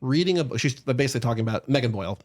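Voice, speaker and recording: A man's voice: mid-range voice, animated. A man co-hosting a book podcast, chatting casually and reading out listener questions. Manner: fast, chatty, reads listener questions aloud. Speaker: podcast co-host.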